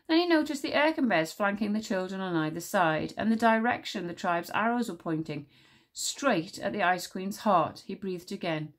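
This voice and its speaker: A woman teacher reading a children's novel aloud to her class. Her voice sits at an ordinary middle pitch, and she tells the story steadily and clearly. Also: expressive, moderate pace.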